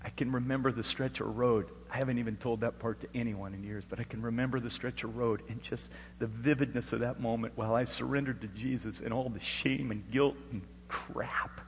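A middle-aged man from Alaska preaching a sermon and telling his own story. He moves between hushed storytelling and loud, rising preaching. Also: mid-range voice, fairly even intonation, fairly quick, hardly any pauses, big-room sound, a little hiss or hum. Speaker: pastor. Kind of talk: sermon with personal testimony.

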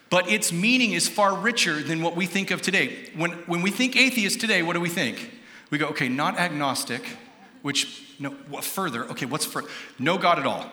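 High-voiced, bright American preacher in a hall. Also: male voice. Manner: animated preaching, acting out quoted voices, asking the congregation. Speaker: pastor. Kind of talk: sermon. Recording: echoey hall with long reverb.

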